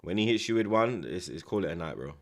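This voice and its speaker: Lively low-voiced man chatting. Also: quick pace. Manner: slangy and rambling, with frequent restarts and tags. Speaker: watchalong host. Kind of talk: casual live commentary chat.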